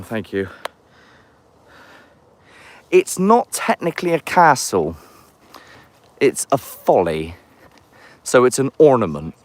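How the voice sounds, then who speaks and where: A man with a chatty, rambling manner, streaming a live walking vlog outdoors in woodland on a handheld phone. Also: on the low side. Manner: chatty, rambling, jokey asides. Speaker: paranormal investigator, live streamer.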